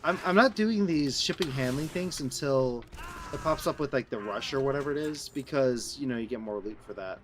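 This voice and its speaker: A man's voice: mid-range voice, fairly quick, noisy background. Rambling Midwestern man streaming a game. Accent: Midwestern American. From Southern Illinois, USA. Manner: rambling, answers chat, restarts sentences often. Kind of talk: casual live-stream chat while gaming.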